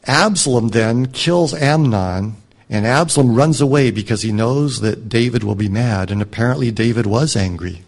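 Reflective man teaching from scripture. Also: medium pitch. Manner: measured, reflective, drops soft on moving lines. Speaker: Bible teacher. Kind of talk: scripture reading and commentary.

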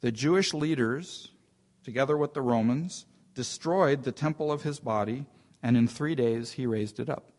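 A man's voice: mid-range voice, moderate pace, darkish tone. Man teaching scripture, thinking aloud. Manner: informal, thinking aloud with frequent restarts. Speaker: Bible teacher. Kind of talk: conversational Bible teaching.

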